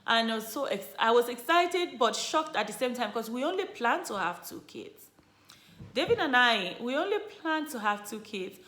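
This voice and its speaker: A woman vlogger casually telling viewers her story, chatty and animated, full of "you know" and "like". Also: fairly high pitch, moderate pace. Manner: animated, lively retelling. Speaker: vlogger, mother sharing her birth story. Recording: roomy echo.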